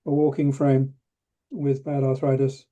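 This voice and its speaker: A man's voice: mid-range voice, monotone, unhurried, mellow, highs cut off. An older man from England, telling a story as an interview guest, hesitant with many restarts and a dry humor. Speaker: interview guest, retired professor of rheumatology. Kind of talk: reflective storytelling.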